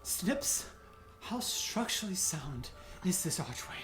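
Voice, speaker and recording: A woman playing a tabletop game, animated and at times exasperated. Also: fairly low pitch, slow, soft background music. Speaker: player. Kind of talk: casual tabletop play. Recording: echoey room.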